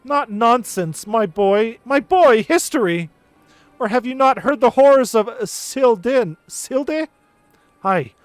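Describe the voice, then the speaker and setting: A man's voice: sits high, no room sound. A man voicing a frail grieving old woman who wails in a folksy dialect, reading game dialogue aloud. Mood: mournful. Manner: dramatic folksy dialect, wailing.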